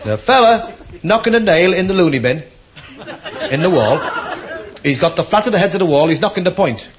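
A man's voice: high voice, expressive, fairly quick. A man telling a short joke as a stand-up comedian, punchily voicing both characters. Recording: loud live club tape, heavy crowd noise. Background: roaring audience.

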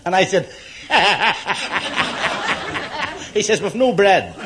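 A man's voice: high voice, expressive, brisk. Give me a man telling a dry first-person joke on a noisy old live recording. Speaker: stand-up comedian.

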